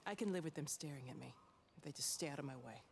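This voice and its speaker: A woman's voice: deep voice, expressive, quick pace, vocal fry. An actress playing a guarded woman scientist in a video game, speaking defensively. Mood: wary. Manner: defensive, wary.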